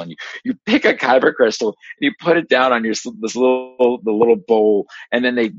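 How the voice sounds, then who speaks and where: A man telling a long, excited story as a podcast guest, rambling with many fillers and restarts. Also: medium pitch, brisk, few pauses, slightly rough, no echo. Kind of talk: casual storytelling monologue. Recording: dry, slightly dull lo-fi podcast audio.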